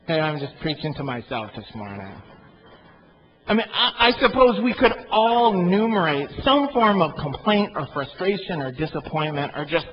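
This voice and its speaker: Male pastor mid-sermon, expressive with emphatic bursts, a touch high-pitched, dull recording. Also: moderate pace. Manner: animated, rising to loud emphatic peaks.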